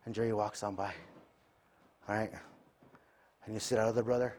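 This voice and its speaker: A man with a somewhat low voice delivers a casual, conversational sermon. He keeps tagging his points with a quick "right?" and now and then slips into acting out everyday conversations. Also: level tone, a little mellow. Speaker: preacher.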